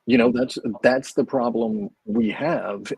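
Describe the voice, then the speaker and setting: Husky blunt man. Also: medium pitch, fairly even intonation, slow pace, a little mellow, dry recording. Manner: blunt, swears casually. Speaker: fan channel co-host. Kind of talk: casual football fan chat.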